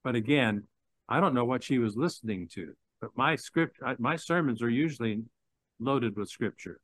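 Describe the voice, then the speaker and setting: Older male preacher, mid-pitched, chatty sermon delivery with restarts, dry close mic. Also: expressive, moderate pace, fairly bright tone, no room sound. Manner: conversational, rambling with restarts and chuckles. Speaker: pastor.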